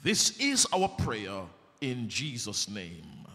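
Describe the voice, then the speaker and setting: Man preaching slow and dramatic, builds up to shouting, long church echo. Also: fairly low pitch, wildly swooping pitch. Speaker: evangelist preacher. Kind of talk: sermon. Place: church sanctuary. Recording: echoey church hall.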